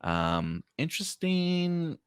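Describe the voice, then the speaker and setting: A man's voice: fairly high pitch, very animated, slow pace, smooth, dry recording, clean studio sound. A man hosting a casual prediction podcast, talking in a laid-back, rambling way with many fillers. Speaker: podcast host. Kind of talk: casual chat.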